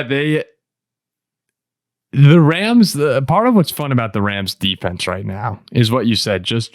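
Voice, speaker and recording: Man, 20s, podcast co-host, animated, laughing storyteller, casual sports chat, dry close sound. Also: on the low side, no room sound.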